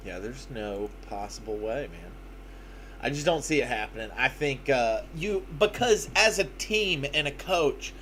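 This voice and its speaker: A man co-hosting a casual sports betting chat, laid-back and quick to agree emphatically. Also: mid-range voice, lively intonation, a bit bright, a little hiss or hum. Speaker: podcast co-host.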